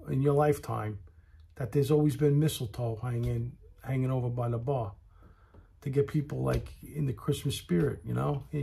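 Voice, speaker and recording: A man's voice: medium pitch, creaky, dark tone, husky. A man telling a story in a casual rant, aggrieved and talking straight to the listener. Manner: aggrieved, talks straight to the listener, repeats himself.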